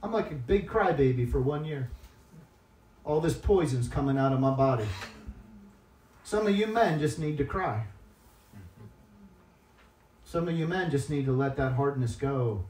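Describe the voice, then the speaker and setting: A man preaching a sermon as a guest speaker in church, moving between soft, tearful-toned confession and loud, emphatic exhortation. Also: medium pitch, lively intonation, measured pace, pauses often. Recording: echoey church hall, distant mic.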